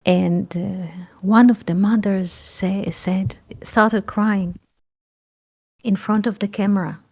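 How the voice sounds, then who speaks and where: Woman, unhurried, pauses mid-sentence, reflective teacher, mid-pitched. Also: steady tone, a little mellow. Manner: halting, searching for words. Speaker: spiritual teacher. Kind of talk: reflective spoken talk.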